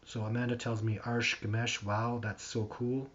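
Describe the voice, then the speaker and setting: A man hosting a live stream, answering viewer questions in a rambling, animated storytelling way with lots of restarts. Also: medium pitch, moderate pace, a little hiss or hum. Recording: dull lo-fi stream audio.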